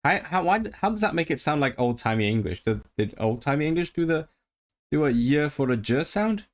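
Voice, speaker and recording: A man's voice: on the high side, very animated, brisk. A man casually chatting on a language-learning livestream, musing aloud, answering chat and practising rolled R sounds.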